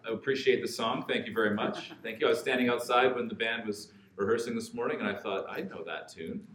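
A man's voice: medium pitch, steady tone, fast talker, a bit bright, a little hiss or hum. A man from Alberta, Canada, with a Western Canadian accent, preaching in a conversational, joking way and repeating words for emphasis. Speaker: pastor. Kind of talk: sermon. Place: large church hall. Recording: echoey church hall.

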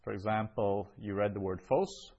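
A man's voice: on the low side, normal speed, mellow, lo-fi sound. A man teaching a Greek class, explaining step by step with frequent ums. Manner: patient, explanatory, with many ums. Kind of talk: classroom lesson.

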